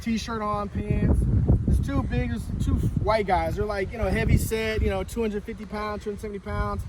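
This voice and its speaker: Guy with a high voice swearing through a story outside in the woods, mic kinda far, loud traffic noise behind. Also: moderate pace. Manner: profane, rambling, animated storytelling. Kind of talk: casual storytelling. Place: outdoors in a forest.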